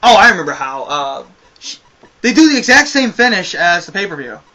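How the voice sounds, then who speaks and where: High, bright-voiced man ranting. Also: very animated, brisk, lo-fi sound. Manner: exasperated, profane ranting. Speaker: wrestling show reviewer. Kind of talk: casual spoken review.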